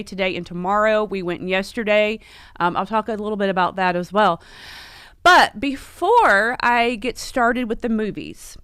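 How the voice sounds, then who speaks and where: A woman hosting a casual live stream, chatty and rambling, full of fillers and quick self-corrections. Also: mid-range voice, a bit bright, clean tone, no echo, studio quality. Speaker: livestream host. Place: home in Las Vegas.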